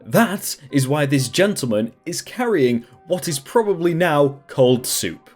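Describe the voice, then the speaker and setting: In a storybook reading, the narrator voices a calm male restaurant duty manager who speaks politely yet firmly. The voice is fairly high and measured in pace, expressive but patient, with faint music playing underneath.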